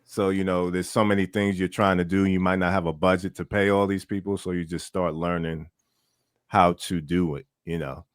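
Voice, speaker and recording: A man, a musician guest on a podcast, talking in a relaxed, rambling way with lots of fillers. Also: sits low, moderate pace, clear, resonant tone, no room sound, studio quality. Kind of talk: casual interview chat.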